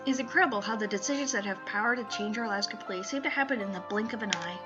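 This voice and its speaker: A woman hosting a let's play, reading a visual novel aloud with expressive, giggly asides. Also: mid-range voice, rapid-fire. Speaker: let's play host reading a dating sim. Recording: slightly muffled, faint music behind.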